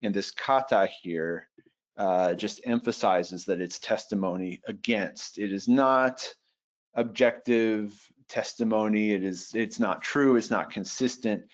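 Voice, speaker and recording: A man's voice: fairly low pitch, unhurried. A man teaching a live webinar on translating a text, explaining patiently with many fillers and restarts. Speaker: webinar instructor. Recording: dull lo-fi web audio.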